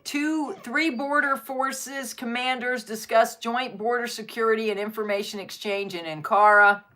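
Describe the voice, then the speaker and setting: A woman's voice: fairly high pitch, fairly even intonation, normal speed, pushed and bright. A woman hosting a casual live stream, reading news articles aloud and adding her own faith-based commentary, now and then breaking off to coo at her dogs.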